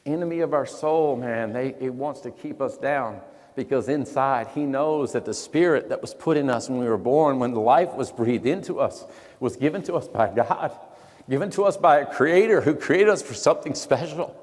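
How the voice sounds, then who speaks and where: A man giving a live motivational sermon in a large event hall. He talks emphatically, asks the audience questions, and often drops to hushed tones. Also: mid-range voice, normal speed. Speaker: motivational speaker. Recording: long hall reverb.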